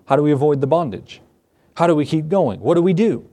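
A man's voice: on the high side, lively intonation, a little fast, dark tone. A male pastor preaching a sermon in a conversational way, with rhetorical questions and repeated phrases.

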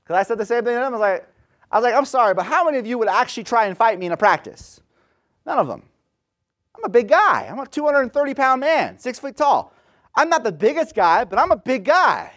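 A man's voice: very high voice, very animated, fairly quick, fairly bright tone. Man in his thirties preaching casually. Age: 30s. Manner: conversational storytelling, paraphrasing scripture in slang. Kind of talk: sermon.

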